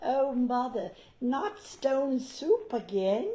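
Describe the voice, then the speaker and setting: A man voicing a small boy who whines to his mother in a high, childish voice. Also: very animated, slow, dark tone, echoey room, heavily acted. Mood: whiny. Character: whiny young boy, Tiny Tim, complaining to his mother.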